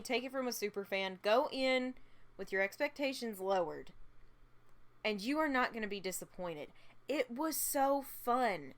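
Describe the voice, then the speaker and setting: A woman's voice: mid-range voice, expressive, moderate pace, a bit bright. Gushing, giggly woman vlogger. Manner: gushing, repeats herself, laughs often. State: tired. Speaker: vlogger reviewing a film. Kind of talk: casual unscripted review.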